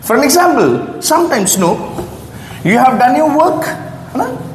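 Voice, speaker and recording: A man's voice: very high-pitched, sing-song, unhurried, slight background noise. A man teaching an English grammar lesson, writing on a board and often checking in with his listeners. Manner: checks in often with the listener, repeats key phrases; writes on a board while explaining. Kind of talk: classroom-style grammar lesson. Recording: echoey room with long reverb.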